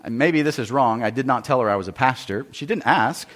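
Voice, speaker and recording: A man, a pastor, telling a story in a sermon with animated, emphatic delivery and frequent repetition. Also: medium pitch, fairly quick, long reverb tail.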